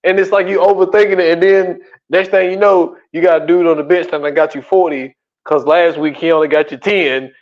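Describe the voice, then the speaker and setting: A man co-hosting a podcast in casual chat, telling stories in loose, slangy, animated speech. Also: on the high side, fairly quick, few pauses. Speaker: podcast co-host. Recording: dull lo-fi audio.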